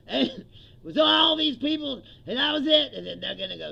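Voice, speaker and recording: A man's voice: very high voice, big pitch swings, moderate pace, gravelly, sharp tone, highs cut off. A male comedian ranting about politics, profane and mocking, laughing often and acting out what others said. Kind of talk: stand-up style political rant.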